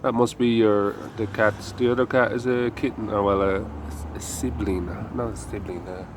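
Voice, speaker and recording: A man's voice: fairly low pitch, steady tone, moderate pace. A man casually narrating to viewers while walking his dog, with wry, chatty asides and some swearing. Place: city street outdoors. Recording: street traffic noise behind.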